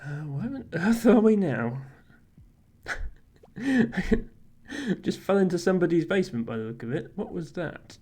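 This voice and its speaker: A woman's voice: fairly low pitch, big pitch swings, measured pace, long pauses, dark tone, slightly rough. Laughing woman streamer playing a game. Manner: casual, laughs often, reads game text aloud.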